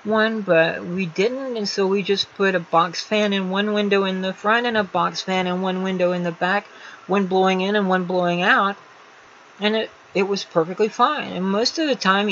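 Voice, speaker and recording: Streaming casually from a room in her home, this woman wanders through her talk with many fillers and restarts. Her voice is mid-range and fairly bright, with fairly even intonation at normal speed, in slightly dull lo-fi audio with slight background noise.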